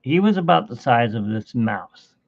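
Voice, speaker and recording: A man's voice: mid-range voice, big pitch swings, normal speed, no echo, highs cut off. A man chatting casually during a home art livestream, rambling and talking fondly to his cat. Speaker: artist streaming a painting session. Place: home studio.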